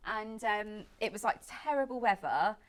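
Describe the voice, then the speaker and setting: A woman's voice: mid-range voice, expressive, normal speed. A woman in her late twenties, a guest make-up artist, telling a long story in casual chat with lots of fillers and quoted speech. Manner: chatty, lots of "like" and reported speech.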